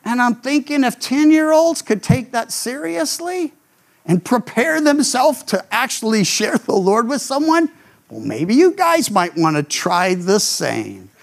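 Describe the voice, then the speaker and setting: An older man preaches a Bible sermon in a fairly high voice. He tells stories warmly and acts out what others said, with a few stumbles over his words. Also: unhurried, vocal fry. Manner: animated storytelling, acts out quoted voices. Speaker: pastor.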